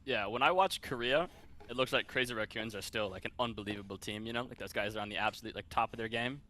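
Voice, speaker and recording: A man, a professional player, out of breath in a post-match interview, talking fast with lots of fillers. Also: on the low side, pushed and bright. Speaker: pro player.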